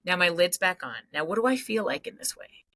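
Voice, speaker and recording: Bright, lively woman psychologist on a podcast. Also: lowish voice, fairly quick, poor audio. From Canada. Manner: animated storyteller, swings into loud acted outbursts. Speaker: psychologist guest. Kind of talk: energetic podcast conversation.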